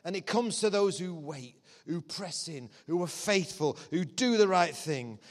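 A man preaching a lively, joking sermon to a church congregation, his voice often rising to shouts of excitement. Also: high voice, measured pace, hardly any pauses. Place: church hall. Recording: long hall reverb.

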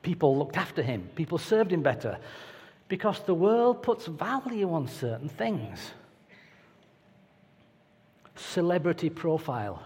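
A man's voice: a little high, very animated, a little slow, long pauses, darkish tone, breathy edge. A man preaching a sermon in a conversational, anecdotal way with playful asides. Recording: reverberant hall.

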